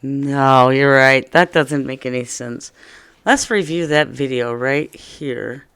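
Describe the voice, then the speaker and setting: A woman teaching a first-grade lesson, speaking slowly and playfully to young children. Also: very deep voice, fairly bright tone, clear, resonant tone, no echo.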